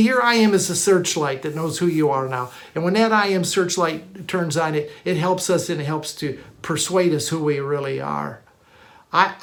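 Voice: medium pitch, gravelly, a bit bright. Emphatic preacher repeating declarations. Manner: emphatic, repetitive declarations with frequent restarts. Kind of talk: sermon teaching.

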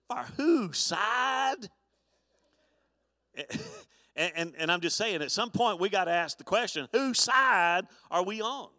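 A man's voice: on the high side, bright, forceful tone, no echo, studio quality, in a large hall. A man preaching a live sermon as pastor, folksy, with stammered restarts and chuckles. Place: church sanctuary.

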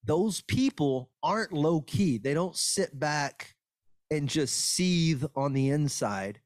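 Male podcast host, higher voice, animated, swears a lot, dry close sound. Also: takes it slowly, dry recording. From Boston area. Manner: animated, swears freely, rants. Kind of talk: casual podcast chat.

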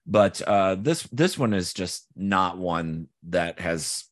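A man's voice: sits low, lively intonation, slow pace. A man co-hosting a podcast, talking about movies in a loose, rambling way full of fillers and restarts. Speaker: podcast co-host. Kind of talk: casual film discussion.

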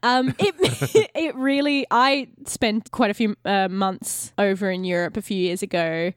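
A woman's voice: mid-range voice, measured pace, no echo, studio quality. A young woman chatting casually as a podcast guest, laughing often and swearing offhandedly. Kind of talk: casual chat.

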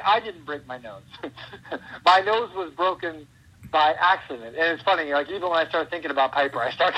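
A man in his forties, a pro wrestler guest, telling stories in a rambling, animated way and laughing often. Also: a little high, husky, muffled recording. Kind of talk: casual interview chat.

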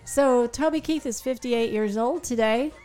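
A woman co-hosting a morning radio show in casual chat, candid and quick to laugh. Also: a little high, mellow, soft background music. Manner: chatty, candid, laughs easily.

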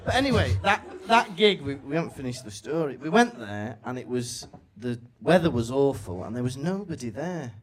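A man from Wales with a North Welsh accent, co-hosting a live comedy podcast and taking audience questions in an animated, chatty way. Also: medium pitch, moderate pace, hardly any pauses. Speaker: podcast co-host.

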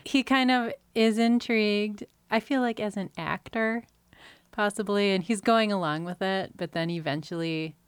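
A woman co-hosting a casual TV recap chat, measured and opinionated. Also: sits low, smooth, no echo.

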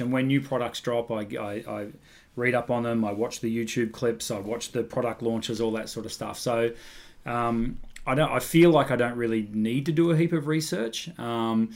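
A man's voice: mid-range voice, darkish tone. A man co-hosting a podcast, talking in an easygoing way with many fillers and repeats. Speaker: podcast co-host, camera shop owner. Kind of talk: casual chat.

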